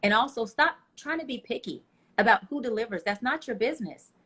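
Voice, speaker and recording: A woman's voice: a little high, brisk, slightly rough. A woman guest giving passionate motivational advice in an interview, telling stories with feeling. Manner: passionate, preachy, animated storytelling. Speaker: life coach guest.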